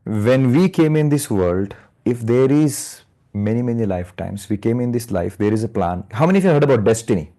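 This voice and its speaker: A meditation course instructor with an Indian English accent gives a live spiritual lecture over a video call, picked up by a computer or phone mic. His mid-range voice is dark in tone, animated, and brisk. He's conversational, constantly checking in with the class with "right?" and "yes or no?"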